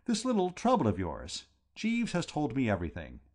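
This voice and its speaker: A man voicing a breezy, talkative young English gentleman with a jaunty, bluff manner. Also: medium pitch, huge pitch swings, normal speed, pitched above the performer's own voice.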